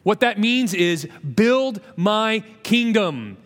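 A pastor preaching a sermon in a church, animated, calling on his congregation to answer and speak along, with joking asides. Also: high-pitched, slow. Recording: long reverb of a large hall.

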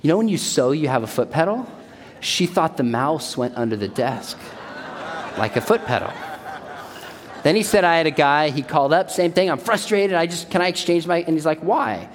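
Lively high-voiced man preaching in a hall. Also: normal speed, pauses often. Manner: lively storytelling with jokes. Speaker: speaker. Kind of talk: sermon. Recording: long hall reverb.

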